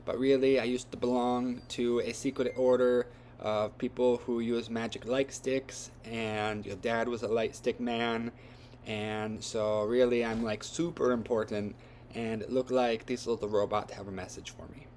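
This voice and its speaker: A man's voice: mid-range voice, little pitch movement, measured pace, a little mellow, a little hiss or hum, close to an everyday voice. A man voicing a laid-back old hermit wizard, talking in an offhand, rambling way.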